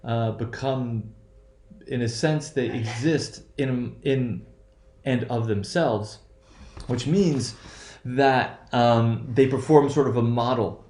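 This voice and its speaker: Halting man teaching in an echoey room. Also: mid-range voice, a little mellow. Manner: halting, self-correcting, many fillers and "right?" checks. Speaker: English pronunciation teacher. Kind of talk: recorded lecture.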